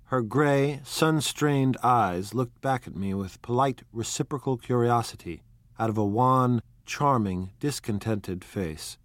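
A man reading a novel aloud in a measured, quietly expressive narration. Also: medium pitch, dry recording. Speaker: audiobook narrator.

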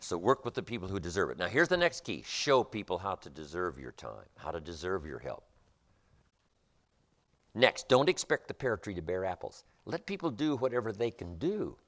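Lively, emphatic male motivational speaker. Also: sits low, normal speed. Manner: emphatic, repetitive, preacher-like cadence. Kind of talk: motivational lecture.

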